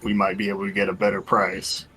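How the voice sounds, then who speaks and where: A man's voice: lowish voice, completely flat delivery, quick pace, sharp tone, soft background music. A man playing a tabletop game, partly in character, polite and laughing often. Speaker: player.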